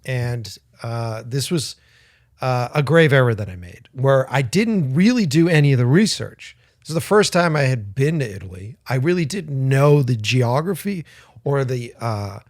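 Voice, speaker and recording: At medium pitch and a moderate pace, a man on a podcast, his studio-quality recording dry, rambles through a casual, profanity-laced story while doing the voices of the people involved.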